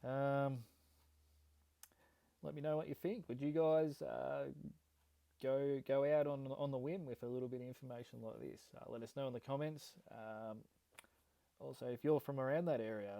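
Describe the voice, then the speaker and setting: An Australian man talks through a gold prospecting vlog in a casual, halting way, reading an old letter aloud. His voice is gravelly and mellow. The sound is close and dry. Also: mid-range voice, steady tone, no room sound, poor audio. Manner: casual, hesitant, many ums and restarts.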